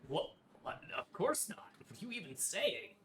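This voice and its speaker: Woman doing a defensive mentor guy, low pitch, placating, faint noise. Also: huge pitch swings, moderate pace, a bit bright.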